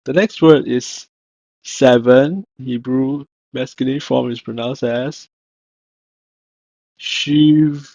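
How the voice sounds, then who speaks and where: A man teaching vocabulary in a slow, measured way, saying each word and then repeating it. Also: mid-range voice, steady tone, vocal fry, a little mellow, dry recording, lo-fi sound. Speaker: language teacher.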